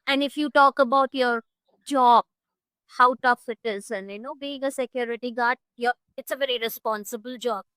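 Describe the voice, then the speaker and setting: A woman teaches English one-on-one over a video call, her voice bright and forceful and pitched a little high. She speaks expressively, leaning hard on stressed words and holding deliberate pauses. The sound is dry and close, with no room around it. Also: steady tone, clean tone, no room sound, rough recording. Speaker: English tutor. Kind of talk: one-on-one online English lesson.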